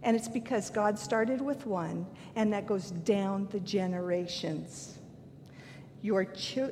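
An older woman giving a sermon, earnest and candid, mixing scripture with self-deprecating stories from her own life. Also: darkish tone. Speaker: preacher. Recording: long hall reverb, faint rumble.

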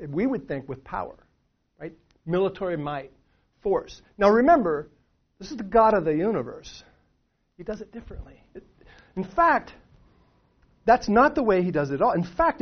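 A man's voice: high-pitched, breathy edge. Conversational middle-aged preacher man, lo-fi. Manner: conversational, with restarts and rhetorical questions. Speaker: pastor. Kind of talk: sermon. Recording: dull lo-fi sound.

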